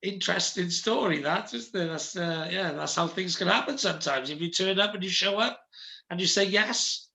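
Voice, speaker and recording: A man's voice: high voice, moderate pace, vocal fry, sharp tone. A man hosting a podcast interview, chatting casually and often restarting and repeating words as he thinks. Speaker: podcast host.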